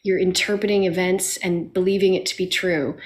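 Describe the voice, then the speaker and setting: A woman's voice: lowish voice, fairly even intonation, brisk. A woman guest in a casual conversation, speaking in a reflective, earnest and upbeat way.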